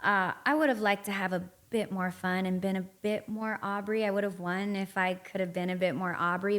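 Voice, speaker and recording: Frank, profane woman telling her story. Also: mid-range voice. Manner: frank and profane, reenacting past conversations. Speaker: podcast guest. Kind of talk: candid interview storytelling.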